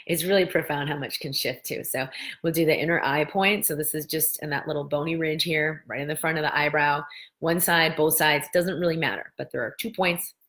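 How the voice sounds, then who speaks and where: A middle-aged woman hosting and teaching a guided tapping lesson, chatty and gentle, slowing down for phrases to repeat. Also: low voice, fairly even intonation. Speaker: host, medical practitioner teaching tapping.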